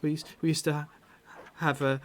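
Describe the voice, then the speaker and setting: A man's voice: on the high side, little pitch movement, fairly quick, natural voice. A man voicing a frightened captive young woman who stutters and breaks into sobs as she begs for help. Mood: sobbing. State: crying.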